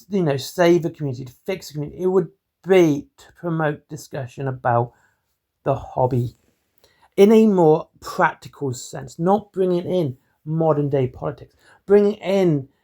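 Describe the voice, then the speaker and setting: Monotone man with a higher voice. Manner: monotone, rambling delivery. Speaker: hobby channel host. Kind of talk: rambling solo commentary.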